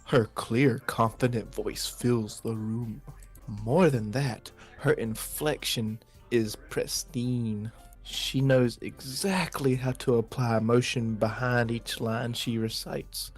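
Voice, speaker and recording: A man hosting a let's play, reading the game's narration aloud in a drawn-out way between casual comments. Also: mid-range voice, fairly even intonation, soft background music. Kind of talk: reading game text aloud and chatting.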